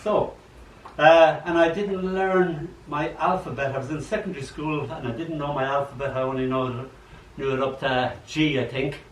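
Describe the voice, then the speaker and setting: An older man reading his poems at an open mic, chatty and animated, acting out the voices in his stories. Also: on the high side, moderate pace. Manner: chatty, animated storyteller who acts out quotes. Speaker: poet. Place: old library room. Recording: echoey room, mic far off, faint hum.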